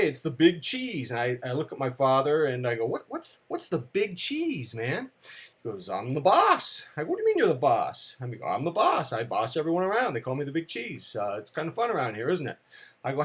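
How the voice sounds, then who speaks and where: A man in his fifties telling stories about fatherhood on a home video, rambling and self-deprecating with lots of fillers. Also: mid-range voice. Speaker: vlogger, storyteller. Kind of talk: casual storytelling monologue. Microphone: camera.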